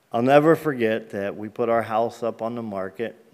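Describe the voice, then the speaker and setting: A man's voice: medium pitch, unhurried, a little mellow. A man speaking as a guest in a church, telling a personal faith story in a plain, conversational way with casual grammar. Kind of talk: personal testimony in a church service. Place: church sanctuary.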